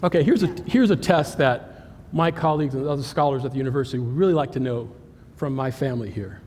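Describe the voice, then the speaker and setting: A man giving an animated, joking cybersecurity presentation at a live conference, talking straight to the audience. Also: medium pitch, quick pace, a little hiss or hum. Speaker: cybersecurity speaker. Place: conference hall. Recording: hall reverb with faint ambience.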